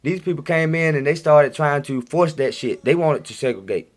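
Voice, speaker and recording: A man's voice: on the high side, lively intonation, normal speed. A man giving a casual, rambling monologue to his viewers in a home recording, insistent and repeating himself. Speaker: video blogger.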